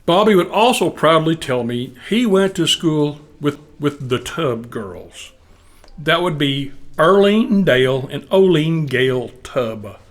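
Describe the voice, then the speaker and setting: A man's voice: on the high side, lively intonation, slow pace. Older Texan man telling a story. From Texas. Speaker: musician and storyteller. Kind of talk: stage storytelling to a live audience.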